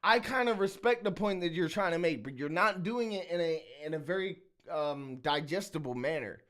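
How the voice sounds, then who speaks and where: Frank male streamer, high voice. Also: expressive, normal speed, a bit bright. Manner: frank and candid, repeats words as he thinks. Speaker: streamer reacting to rap battles. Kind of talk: casual reaction commentary.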